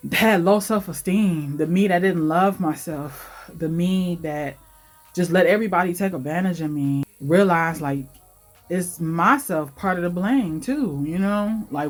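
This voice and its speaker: A woman in her late twenties giving an emotional, heartfelt life update in her vlog, talking in a casual, confiding way. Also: fairly low pitch. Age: late 20s. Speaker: vlogger.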